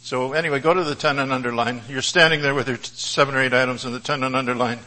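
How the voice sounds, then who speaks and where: A man's voice: medium pitch, steady tone, quick pace, sharp tone, poor audio. A man preaching a sermon in a conversational, folksy way, with humorous asides and storytelling.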